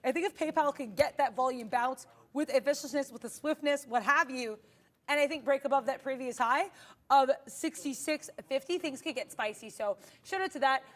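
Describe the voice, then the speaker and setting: A woman's voice: high voice, moderate pace, fairly bright tone. A woman co-hosting a live trading stream, talking candidly and chattily with playful bursts. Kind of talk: live market commentary.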